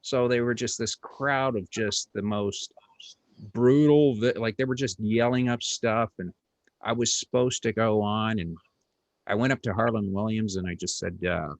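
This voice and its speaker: A man's voice: on the low side, fairly even intonation, unhurried, no room sound. A middle-aged man, a comedian hosting an interview, telling a story in a casual, rambling way with lots of fillers, restarts and blunt, crude words.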